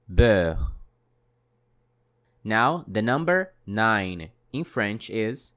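A man teaching French pronunciation in English, modelling each sound slowly and repeating it, with short French classroom prompts in between. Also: lowish voice, lively intonation, fairly bright tone. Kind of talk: slow, deliberate language lesson.

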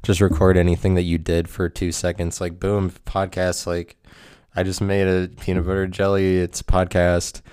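A man's voice: low voice, monotone, normal speed, darkish tone, clean tone, no echo, clean studio sound. A man hosting a podcast in a rambling solo monologue, self-mocking and profane, laughing often. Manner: profane, provocative. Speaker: podcast host.

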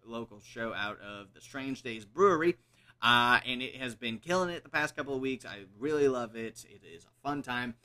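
A man hosting a casual podcast from a couch at home, talking in a projecting, classic radio-style voice and joking around, often laughing. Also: medium pitch. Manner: jokey, animated, laughs often. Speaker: podcast host.

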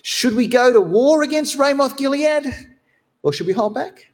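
A man voicing a petulant, angry king who shouts his complaints in a much higher voice than his own. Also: animated, normal speed, in a large hall. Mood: demanding.

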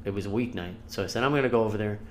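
A man on a podcast spinning casual stories, swearing freely and jumping into voices for the people he quotes. His delivery swings between low mutters and loud, excited bursts. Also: racing, a little hiss or hum. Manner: animated, profane storyteller who acts out quotes. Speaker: podcast co-host. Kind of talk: casual storytelling chat.

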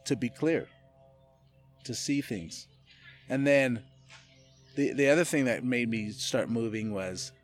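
A man guest on a podcast, talking in a casual chat, telling animated stories with laughs and casual swearing. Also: mid-range voice, a little slow, faint music behind. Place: indoors, casual setting with a beer.

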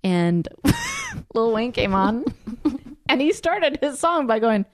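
A woman's voice: sits high, wildly swooping pitch, slow, dry recording. A woman hosting a podcast in casual chat, telling stories animatedly and giggling often. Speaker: podcast host. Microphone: podcast recorder.

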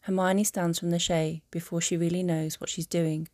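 Woman with a low mellow reading voice. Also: level tone, normal speed, dry recording, clean studio sound. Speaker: narrator. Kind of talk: fan audiobook narration.

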